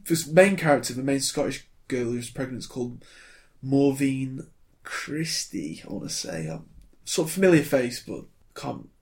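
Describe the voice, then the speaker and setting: A man in his twenties co-hosts a casual film-review podcast, speaking at normal speed in a mid-range voice with hardly any pauses. He's blunt and wry, getting animated when he rants.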